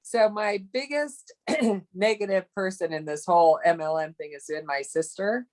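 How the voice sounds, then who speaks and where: A woman's voice: on the low side, normal speed, darkish tone. A woman client on a coaching call, giving short agreeing replies and laughing easily. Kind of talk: casual chat. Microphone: video call.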